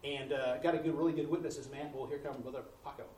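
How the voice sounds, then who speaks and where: A man's voice: medium pitch, fairly even intonation, quick pace, a little mellow. A man, a missionary preacher telling testimonies in a folksy sermon style, acting out the dialogue. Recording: echoey room, distant mic, faint ambience.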